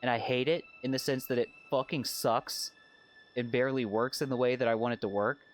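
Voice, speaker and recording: A man's voice: mid-range voice, steady tone, brisk, faint music behind. A man streaming a game and chatting casually, rambling and swearing as he restarts his phrases. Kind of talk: casual livestream chat.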